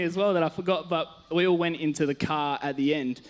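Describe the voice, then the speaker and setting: A man's voice: a little high, quick pace, few pauses. An Australian man, a youth worker, telling stories in a casual sermon on a church stage, chatty and self-mocking, laughing often.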